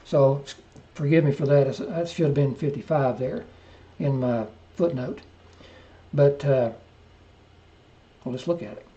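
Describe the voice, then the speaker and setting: A man teaching a verse-by-verse Bible lesson, reading scripture slowly and deliberately, then dropping into quiet, offhand asides. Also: medium pitch. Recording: muffled lo-fi recording.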